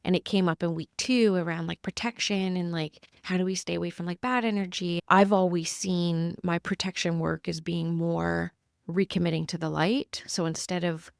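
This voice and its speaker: Woman medium chatting earnestly on her podcast, lowish voice w lots of fry. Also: steady tone, normal speed, dry recording, clean studio sound. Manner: earnest, heartfelt sharing. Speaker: spiritual medium and teacher. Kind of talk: casual spiritual podcast talk.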